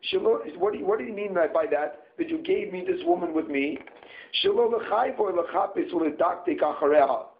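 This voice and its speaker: A man's voice: high voice, a little fast. A man giving a Torah study lesson, reading Hebrew phrases aloud and translating them into English line by line. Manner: reads Hebrew text then translates phrase by phrase. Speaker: Torah teacher. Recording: tinny phone-like sound.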